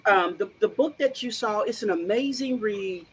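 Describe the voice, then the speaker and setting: Woman hosting, joking around, lively and playful, bit of room hum. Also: medium pitch, moderate pace, low-quality recording. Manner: playful, animated. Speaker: host. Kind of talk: casual show hosting.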